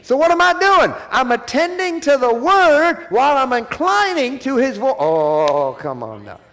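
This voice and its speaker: A man's voice: extremely high pitch, sing-song, unhurried, fairly bright tone. A man preaching a sermon at a church conference, repeating key phrases and calling for the audience to answer back.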